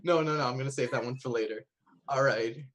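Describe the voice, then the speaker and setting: A man playing a tabletop game, excited and scheming, thinking aloud about his next move. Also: medium pitch, a little fast. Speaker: player. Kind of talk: casual tabletop play.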